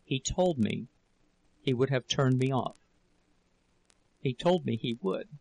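Ona, a frightened young wife, as a man reads her, whose confession comes out quiet and broken, word by word. The voice stays low and gravelly, barely lifted from the narrator's own, and slow. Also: lively intonation, no room sound, heavily acted, rough recording. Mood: faltering. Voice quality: faltering, soft and broken. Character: ashamed, frightened young working woman. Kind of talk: audiobook character reading.

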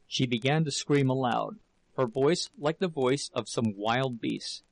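Slow, gravelly male audiobook narrator. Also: mid-range voice, no echo, rough recording. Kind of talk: scripted narration of a classic novel.

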